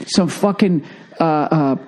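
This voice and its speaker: A podcast host, a man with a fairly high voice, rants in a casual comedic chat. His talk is profane and heated, full of running tangents. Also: takes it slowly, darkish tone. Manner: profane, ranting.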